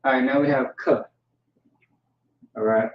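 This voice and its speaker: A man giving an informal vocabulary lesson, repeating each word slowly and checking in with "all right" and "okay". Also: mid-range voice, fairly even intonation. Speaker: language teacher. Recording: echoey room, dull lo-fi sound.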